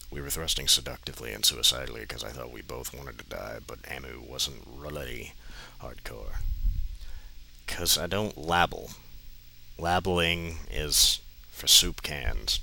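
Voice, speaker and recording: A man's voice: a bass voice, normal speed, vocal fry, sharp tone, low-quality recording. A man doing a comedic dramatic reading of a bad fan story, breaking off often with sarcastic, exasperated, swearing commentary.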